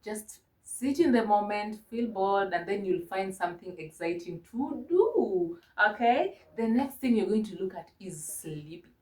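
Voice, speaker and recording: A woman from Kenya teaching a mock English lesson to a young child, gentle and encouraging, spelling words out slowly. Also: mid-range voice, lively intonation, reverberant. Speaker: online ESL teacher.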